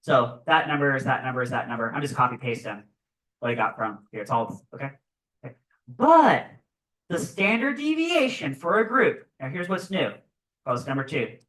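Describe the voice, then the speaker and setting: A male physics teacher giving a classroom lecture, animated and constantly checking in with "right?". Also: mid-range voice, fairly quick, recorded from a distance, rough recording. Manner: animated, keeps asking "right?".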